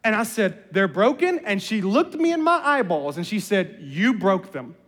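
A middle-aged man preaching a sermon, telling animated personal stories with humor. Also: sits high, moderate pace. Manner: animated storyteller, jokes and voices family members. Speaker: pastor. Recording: reverberant hall.

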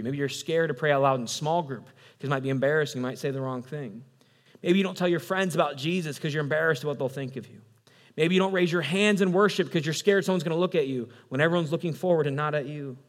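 A young adult man preaching a sermon as pastor in a church hall, casual and animated, acting out quotes along the way. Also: a little high. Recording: long hall reverb.

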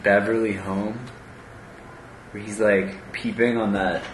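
Guy chatting about a book, kinda halting, hunts for words, echoey room. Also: fairly low pitch, level tone. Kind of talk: casual chat. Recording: echoey room with faint background noise.

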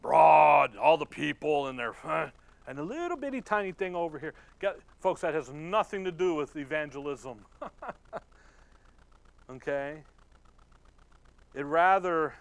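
Folksy preacher man, higher-pitched voice. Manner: conversational, folksy, laughs often; reads scripture slowly and deliberately. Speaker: pastor. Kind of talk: sermon.

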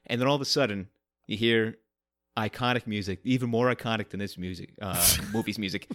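A man's voice: lowish voice, fast talker, a bit bright. A man as a podcast guest, bantering and telling a joking story. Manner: bantering, mock-taunting, laughs while telling. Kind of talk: casual comedic chat.

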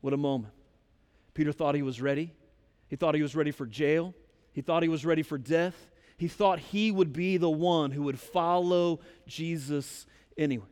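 A man's voice: fairly high pitch, moderate pace, darkish tone, clear, resonant tone, long reverb tail. A man preaching a sermon as pastor, talking to the congregation in a direct, conversational way. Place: church sanctuary.

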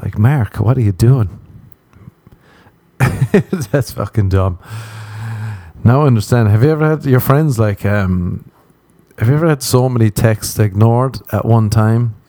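A man's voice: mid-range voice, a little slow, long pauses, mellow, no echo. A man hosting a podcast, telling crude, rambling stories and acting out the quotes in a casual comic monologue. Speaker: podcast host.

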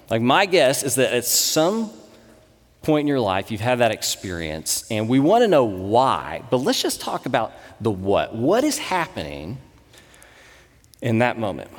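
Animated pastor preaching in a reverberant hall. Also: male voice, mid-range voice, moderate pace. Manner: storytelling, conversational and animated. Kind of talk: sermon. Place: church sanctuary. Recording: long reverb in a church hall.

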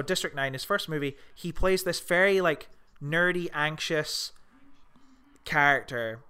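A man co-hosting a casual film chat, tumbling through his thoughts with restarts and frequent swearing. His voice is bright and smooth, sitting a touch higher than most men's. He gets animated and excitable as he talks. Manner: rambling, swears often, excitable. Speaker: podcast co-host.

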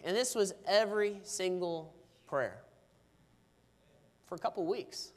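A man's voice: high-pitched, normal speed, in a large hall. A man preaching a sermon, telling a story about his daughter and then pleading earnestly in prayer for revival. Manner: fervent, rising to pleading intensity in prayer.

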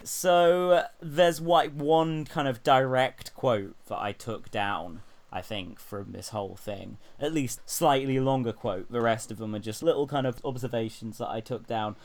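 A man's voice: mid-range voice, measured pace, hardly any pauses. A man co-hosting a podcast, rambling and sweary in casual political chat, full of fillers. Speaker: podcast co-host.

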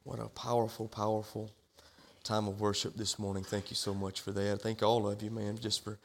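A man's voice: fairly low pitch, level tone, normal speed, a little hiss or hum. A male pastor delivering a sermon in a church, with a repetitive preaching cadence and rhetorical questions. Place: church sanctuary.

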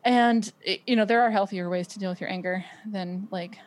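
Speaking a little fast, this woman has a medium-pitched, steady, slightly mellow voice. As a podcast guest and mother, she reflects in easygoing conversation, peppering it with "um" and "like" and often beginning again.

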